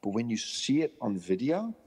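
The speaker, a dog trainer on a podcast interview, has a medium-pitched, slightly rough voice and a moderate pace, heard in a large hall. He tells his stories with animation, giving voice to both the people and the dogs.

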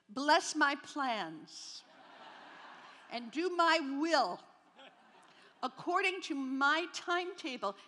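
A woman's voice: high-pitched, a bit bright. A woman in her seventies from New Jersey, giving a humorous, candid faith testimony at a rally. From New Jersey, near New York City. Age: 70s. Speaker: speaker at a Christian rally. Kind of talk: personal faith testimony to an audience. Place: large hall at a rally. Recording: long reverb of a large hall.

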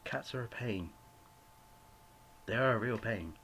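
Young man, home vlog rant, rambling and apologetic, low-ish voice, faint room hiss. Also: a little slow, fairly bright tone. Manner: rambling, apologetic, full of "you know" fillers. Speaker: vlogger.

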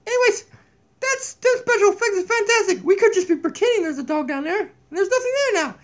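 A squeaky, giggly donkey puppet. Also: male voice, animated, quick pace, fairly bright tone. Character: silly fart-obsessed male donkey puppet, jumpy and easily scared. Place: downstairs home kitchen. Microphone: tablet camera mic.

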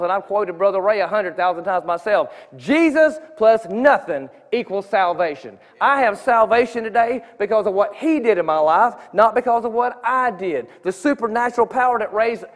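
In a church sanctuary with the long reverb of the hall, a man gives an informal sermon testimony, earnest and conversational. His voice is high and his speed normal, with few pauses, and he keeps restarting his sentences.

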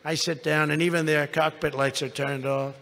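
A man's voice: fairly high pitch, little pitch movement, moderate pace, a bit bright. An older man giving a rambling rally speech, telling an anecdote full of repeated superlatives and asides. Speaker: rally speaker. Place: large indoor convention venue. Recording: long reverb of a big arena.

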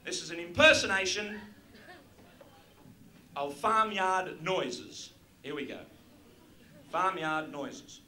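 This Australian stand-up has a high-pitched, sharp voice and delivers crude jokes at the crowd slowly, leaving long pauses. It's a roomy live-venue recording with the audience present.

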